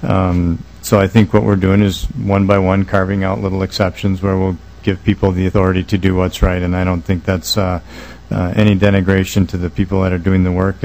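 Very low, flat-voiced male legislator. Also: low-quality recording. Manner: halting, many uh and um fillers; earnest and measured. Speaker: state legislator. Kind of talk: committee hearing testimony. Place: legislative committee room.

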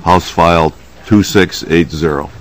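A man's voice: low-pitched, measured pace. A man serving as a committee member, making formal motions hesitantly with many fillers. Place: legislative committee room.

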